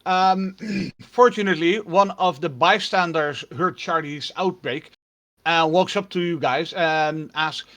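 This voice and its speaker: A man narrating as game master of a tabletop role-playing game in a relaxed, filler-heavy storytelling manner. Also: a little high, unhurried.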